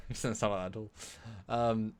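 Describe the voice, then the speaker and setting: A man from England co-hosting a live stream discussion, talking in an animated, rambling way with many restarts. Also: lowish voice, normal speed, smooth. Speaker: co-host.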